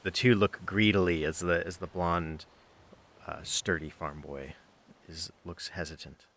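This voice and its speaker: A man narrating a tabletop game as game master, halting and full of restarts. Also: low-pitched, fairly even intonation, fairly bright tone, slight background noise. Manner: halting, with many fillers and restarts.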